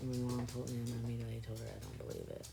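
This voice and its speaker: A woman's voice: rumbling low, very animated, rapid-fire, vocal fry, noisy background. A woman hosting a live stream, chatting casually and joking with frequent laughter, recorded on a phone. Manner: joking, laughs often, playful teasing. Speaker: livestream host. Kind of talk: casual chat.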